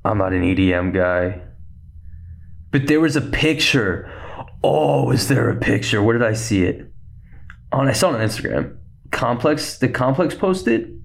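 A young man hosting a casual solo podcast, talking quickly and rambling with a slight lisp. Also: medium pitch, animated, creaky. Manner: rambling, fast-talking, self-interrupting. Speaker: podcast host.

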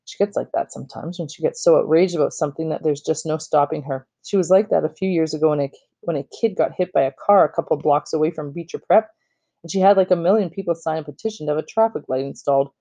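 Mellow-toned casual audiobook reader. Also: medium pitch, fast. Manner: casual, kid-like storytelling with lively emphasis. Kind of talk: reading a children's novel aloud, first-person narration.

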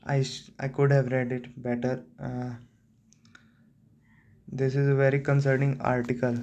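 A young man, reading a newspaper editorial aloud slowly and correcting himself often. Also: mid-range voice, completely flat delivery, a little mellow, lo-fi sound. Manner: slow, deliberate reading with frequent self-corrections. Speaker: student practicing reading.

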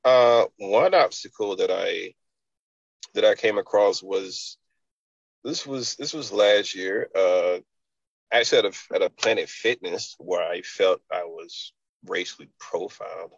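Male fitness entrepreneur, low fried voice, rambling interview storyteller, dull lo-fi sound. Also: measured pace, vocal fry, breathy edge, dry recording. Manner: loose, rambling, many "you know" fillers.

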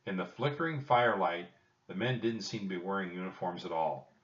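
Deep-voiced man reading a storybook. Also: fairly quick, fairly bright tone, slight background noise. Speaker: narrator. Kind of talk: children's storybook reading aloud. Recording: echoey, distant, dull lo-fi.

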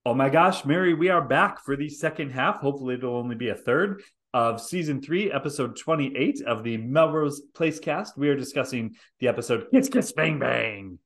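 A podcast co-host in casual chat, dry and teasing. The voice sits in a middle pitch, and laughs come often between the jokes. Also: expressive, normal speed.

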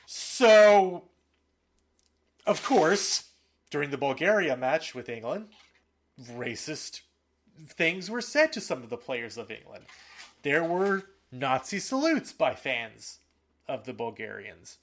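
A man co-hosting a soccer podcast in casual talk, animated and fired up, with frequent fillers and restarts. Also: fairly high pitch, a little slow. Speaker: podcast co-host.

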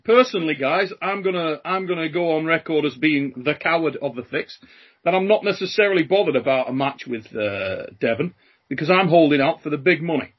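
A man hosting a podcast, joking and chatting in slangy, energetic banter. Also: on the high side, brisk, muffled recording. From Britain. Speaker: podcast host.

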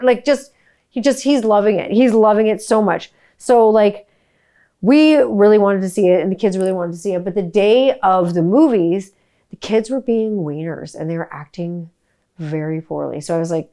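A woman's voice: fairly low pitch, normal speed. Chatty, profane woman podcast host. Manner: animated, profane, rambling with many "like" fillers. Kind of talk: casual storytelling chat.

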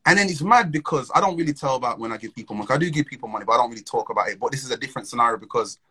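A man's voice: mid-range voice, very fast, breathy edge, low-quality recording. Slangy young man telling a story. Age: young adult. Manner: slangy, animated, laughs between phrases. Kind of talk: casual storytelling chat.

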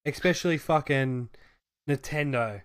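A man co-hosting a podcast who chimes in with laughs and sweary, excitable riffs in casual banter. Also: mid-range voice, unhurried. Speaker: podcast co-host.

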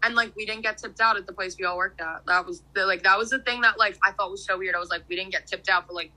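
A woman's voice: mid-range voice, fairly even intonation, quick pace, sharp tone, low-quality recording. A woman who worked in restaurants, talking in casual chat and filling her speech with "like". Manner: chatty, many "like" fillers.

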